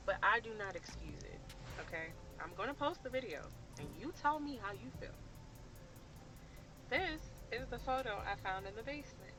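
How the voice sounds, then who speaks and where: A woman's voice: mid-range voice, rough recording. A woman in her late twenties from the Washington DC area, telling a personal story to camera in an emphatic, impassioned way. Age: late 20s.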